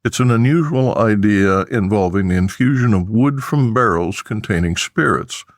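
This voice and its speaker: A man hosting a trade news podcast, reading scripted headlines in a measured, steady newsreader delivery. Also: fairly low pitch, dry recording, studio quality.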